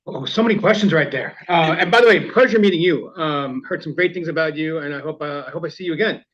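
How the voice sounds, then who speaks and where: Male guest, higher voice, fast and eager, lo-fi recording. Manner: eager, energetic. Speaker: guest speaker. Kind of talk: radio interview. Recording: dull lo-fi sound.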